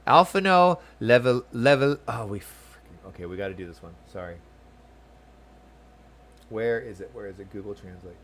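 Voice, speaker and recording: A man casually commentating his game session, chatty and excitable, often reading the on-screen text aloud. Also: lowish voice, moderate pace. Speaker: game streamer. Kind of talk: let's-play commentary.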